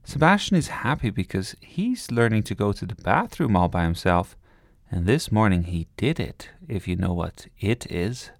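A man's voice: fairly low pitch, sing-song, gravelly, no room sound, clean studio sound. A man voicing a bossy, cheerful little girl in a storybook reading, eager and scheming. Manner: eager, scheming, talks fast to persuade.

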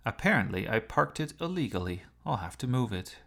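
A man voicing a suave, fashionable middle-aged male scholar with a smooth, genial manner. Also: lowish voice, sing-song, brisk, fairly bright tone, full character voice.

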